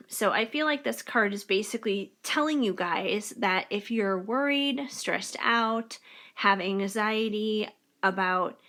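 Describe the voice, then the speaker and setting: A woman's voice: mid-range voice, takes it slowly, fairly bright tone. A woman tarot reader talking casually to camera in a spiritual reading, encouraging and chatty with many fillers. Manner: bubbly and giggly near the end.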